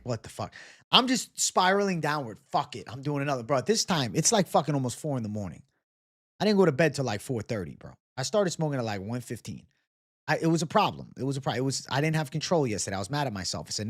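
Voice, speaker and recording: A young man hosting a livestream, chatting casually with viewers and telling rambling, profane stories. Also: medium pitch. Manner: profane, rambling storyteller, talks to chat. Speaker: livestream host.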